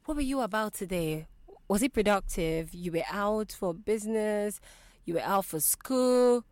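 A woman's voice: mid-range voice, lively intonation, measured pace, darkish tone, dry recording. A young Nigerian woman hosting a radio show, chatty and bubbly, repeating her greetings to listeners. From southeast Nigeria. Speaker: radio presenter. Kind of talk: lively radio show chat. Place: radio studio. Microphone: studio microphone.

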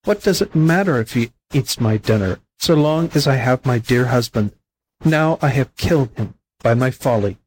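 A man voicing a kind female hen sparrow in a storybook, raising his voice higher to plead and scold. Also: lively intonation, normal speed, darkish tone, husky, low-quality recording. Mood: lamenting.

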